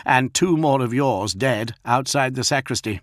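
A man's voice: medium pitch, normal speed, no room sound, clean studio sound, natural voice. A man voicing a grim male knight in an audiobook, speaking tersely and formally. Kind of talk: audiobook character voice.

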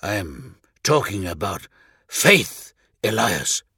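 A man plays a weary warrior huntsman who speaks bluntly and grimly. His delivery is slow and measured, with a husky edge, in a dry close recording. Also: lowish voice, sing-song, bright, forceful tone, dry recording, exaggerated voice.

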